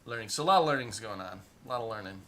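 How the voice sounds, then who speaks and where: A man's voice: on the low side, lively intonation, very fast, a bit bright, a little hiss or hum. A man running a tabletop game as game master, narrating in a rambling way full of "you know" fillers.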